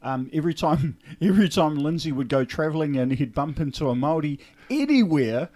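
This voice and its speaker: A man with a New Zealand accent hosting a casual chat podcast, relaxed and mixing in Māori phrases. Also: fairly high pitch, fairly quick. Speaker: podcast host.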